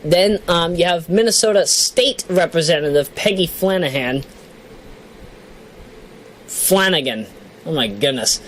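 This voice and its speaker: A woman's voice: lowish voice, normal speed, slight background noise, low-quality recording. A woman vlogger chatting casually as she reads down a list, joking at her own expense and apologizing for her mispronunciations. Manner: chatty, self-deprecating, giggly, apologizes for mispronunciations. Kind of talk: casual solo commentary, reading down a list.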